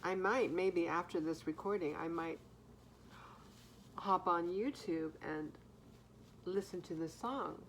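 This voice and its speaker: A woman giving an intuitive tarot card reading to viewers, reflective, pausing often and humming softly to herself. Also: fairly low pitch, slight background noise. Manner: slow, reflective, pausing, soft hums.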